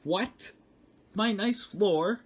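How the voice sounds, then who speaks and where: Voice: mid-range voice, extremely slow, slightly rough, voice pushed up. A narrator voicing a grumpy, fussy male railway guard in a grumbling voice for a storybook dub.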